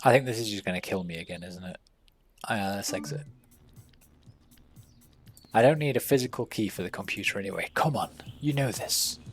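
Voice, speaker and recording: A man's voice: lowish voice, moderate pace, long pauses, faint music behind. Man streaming a game. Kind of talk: casual gaming commentary, reading dialogue aloud.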